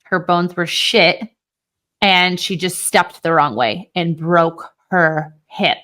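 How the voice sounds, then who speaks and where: A woman's voice: on the low side, slow pace, bright, forceful tone. A woman co-hosting a podcast, chatting casually and emphatically about fitness, with the odd swear word. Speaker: podcast co-host.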